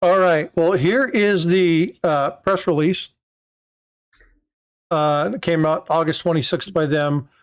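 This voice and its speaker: A man's voice: on the high side, slow, clear, resonant tone. A man hosting a livestream, explaining things in casual chat with lots of filler sounds and restarts. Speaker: host of a coin livestream.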